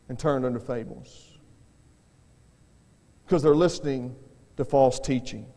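Earnest male evangelist in a reverberant church. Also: a little high. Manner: earnest, repeats words at the start of phrases. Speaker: evangelist preacher. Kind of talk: revival sermon. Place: church sanctuary.

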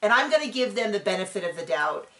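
A middle-aged woman co-hosting a reality show recap, talking in an animated, rambling way and acting out quotes. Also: mid-range voice, quick pace. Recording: echoey room.

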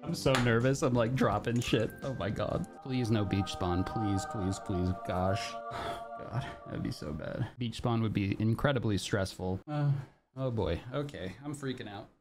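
Nervous, excitable young male streamer. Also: lowish voice, measured pace, over music. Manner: nervous, excitable, talking to chat. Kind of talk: live game stream commentary.

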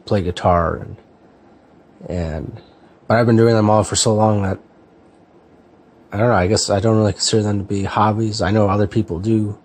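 A man in his thirties from California, chatting casually in a relaxed, hesitant way with lots of fillers and restarts. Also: lowish voice, husky. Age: 30s. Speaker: book vlogger. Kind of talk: casual chat, answering a tag.

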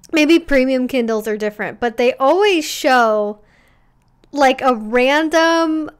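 A woman's voice: high voice, fairly bright tone, clear, resonant tone. A woman in her twenties chatting casually as a livestream host, reading viewer comments aloud and greeting them by name.

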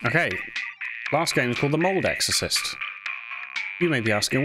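A man's voice: medium pitch, sing-song, normal speed, loud music behind the voice, low-quality recording. A young man giving jumpy, self-mocking commentary while playing horror games, with sudden yelps. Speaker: gaming video host.

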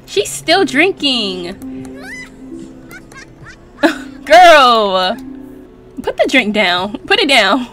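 A woman's voice: on the high side, fairly bright tone. A young woman chatting playfully through a life-sim game, laughing often, using slang and reading in-game text aloud. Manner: casual slang and swearing. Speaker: let's play gamer. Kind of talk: casual gameplay commentary.

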